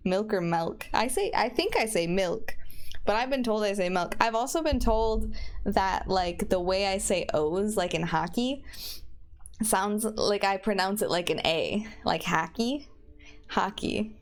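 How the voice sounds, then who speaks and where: A young woman from Michigan with a Michigan accent, chatting casually while streaming a game and rambling about how she pronounces words. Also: mid-range voice. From Michigan, USA. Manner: rambling and chatty, plays with her own pronunciation. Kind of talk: casual chat while gaming.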